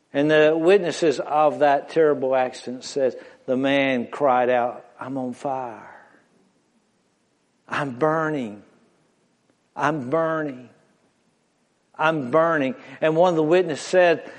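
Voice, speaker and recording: A man preaching a sermon, slow and drawn out, dropping to hushed low phrases and rising to shouted climaxes. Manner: slow, drawn-out delivery with dramatic pauses.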